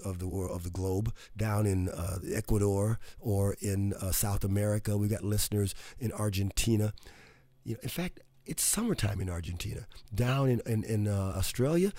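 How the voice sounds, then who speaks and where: A man's voice: lowish voice, mellow, dry recording. A man hosting a motivational radio show, talking in a folksy, upbeat way and joking with listeners from a studio. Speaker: radio host.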